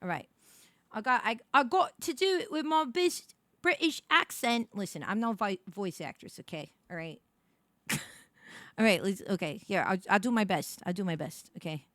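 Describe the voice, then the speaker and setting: A young woman streaming live, chatting casually to her viewers, rambling and swearing with quick restarts. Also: medium pitch, expressive, a bit bright, no echo.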